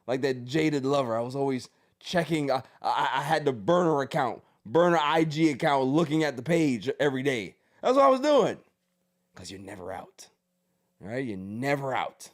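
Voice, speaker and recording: A man hosting a sports podcast in casual commentary, animated, ranting and joking about his team. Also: medium pitch, moderate pace. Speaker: podcast host.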